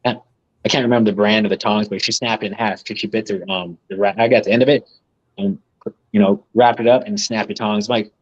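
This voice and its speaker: A man's voice: on the low side, steady tone, fairly quick, lo-fi sound. A man, a guest on a live podcast, telling rambling, profane stories and laughing at them. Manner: rambling, swears freely, laughs at his own stories. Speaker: guest, reptile breeder. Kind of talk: casual storytelling on a live podcast.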